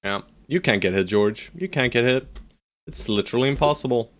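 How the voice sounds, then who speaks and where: A man streaming live gameplay, joking and talking to his units with loud jumps on exclamations. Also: medium pitch, animated, fairly quick. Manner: playful, jokey, talks to his units.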